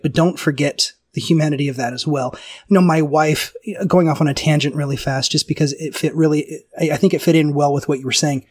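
Animated man telling a personal story. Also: fairly high pitch, no room sound. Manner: animated, self-interrupting storyteller with frequent restarts and laughs. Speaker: podcast host. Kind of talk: casual conversational storytelling.

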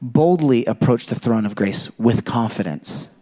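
Man, pastor, sermon, conversational, animated, rhetorical questions, middle-pitched voice. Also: a little slow.

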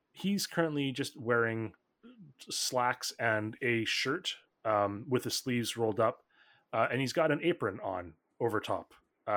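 Slow, rambling male game master. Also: medium pitch, a bit bright. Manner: rambling, filler-heavy, laughs often. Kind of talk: narrating a tabletop game.

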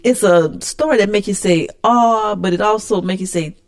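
A woman's voice: medium pitch, brisk, a little mellow. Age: unknown. Sex: woman. Role: podcast co-host. Style: casual chat, laughing often, teasing, tripping over and repeating words.

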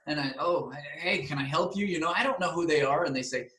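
A man hosting a talk, enthusiastically promoting his seminar in an energetic, animated way. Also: on the high side, fast talker, few pauses. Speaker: seminar host. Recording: roomy echo.

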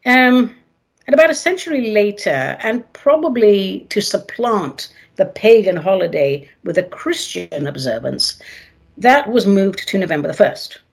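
A woman hosting her own radio show, talking in a playful, dramatic way with sing-song emphasis and a husky voice; she moved to America from elsewhere. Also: mid-range voice, very animated, unhurried. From not from America, moved there. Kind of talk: theatrical solo radio talk.

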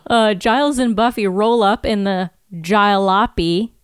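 Woman podcast co-host, mid pitch, smooth clear tone, dry close sound, chatty recap delivery. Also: no room sound. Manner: recaps scenes with quick acted-out quotes, laughs often. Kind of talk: casual chat, reading episode recap.

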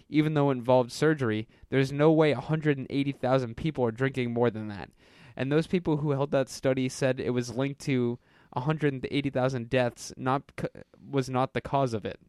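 A man's voice: mid-range voice, a little mellow, smooth, no room sound. A man reads a wild listener story aloud on a podcast. He jumps between the characters' voices and keeps breaking into laughter. His voice sits in a middle register and sounds dry and close to the mic. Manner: reads dialogue with quick voice shifts, breaks into laughter. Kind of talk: casual reading aloud with chat.

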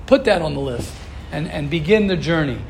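A man with a high voice gives an earnest class to his students. He coaches them by firing the same question again and again. Faint noise hums behind him. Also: expressive, brisk, creaky, darkish tone. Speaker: rabbi teaching a class. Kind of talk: Torah class talk.

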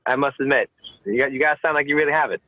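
A man's voice: medium pitch, very fast, dry recording. A man co-hosting a podcast in casual banter, rambling and repeating himself, blunt about having no filter. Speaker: podcast co-host. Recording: tinny, dry, phone-like line.

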